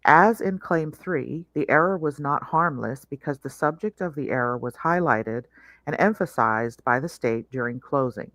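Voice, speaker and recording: A woman's voice: low-pitched, moderate pace, a bit bright, no room sound. A woman reading a court filing aloud, breaking off now and then for sardonic asides. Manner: sardonic asides between read passages. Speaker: co-host reading a legal brief.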